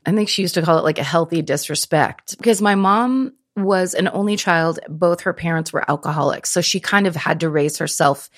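A woman in her fifties, a podcast guest, chatting casually and telling stories in quick animated bursts. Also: fairly low pitch, dry recording, studio quality. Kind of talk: casual chat.

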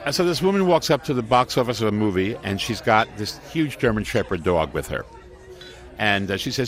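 A man tells a joke in an animated, storytelling way. His pitch swings widely as he voices the people in the story. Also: a little fast. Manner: animated, quoting characters with lively shifts. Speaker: podcast host telling a joke.

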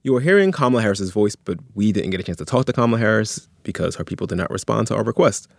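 Male podcast co-host, wry and conversational, gravelly low voice, dry studio sound. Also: expressive, rapid-fire, dry recording. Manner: wry, conversational, often dryly ironic.

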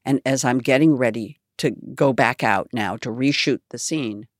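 A woman's voice: extremely low pitch, moderate pace, no room sound, clean studio sound. A woman guest in a radio interview, telling an anecdote with animation and acting out quotes. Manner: animated storyteller, acts out quotes.

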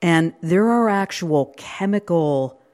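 A woman's voice: on the low side, animated, slow pace, a little mellow. Curious woman hosting a radio book show. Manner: thoughtful, curious questioning. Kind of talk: radio interview.

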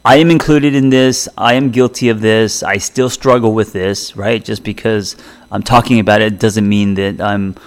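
Low-voiced man musing on a podcast. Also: steady tone, moderate pace. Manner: reflective, loose, repeats words and restarts. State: choking up from a drink. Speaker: podcast host and therapist. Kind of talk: solo podcast talk.

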